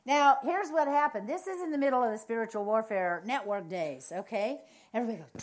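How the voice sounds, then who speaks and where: A woman preaching a charismatic sermon, telling lively stories and repeating phrases for emphasis. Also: sits high, moderate pace. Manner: animated storytelling, acts out other people's reactions.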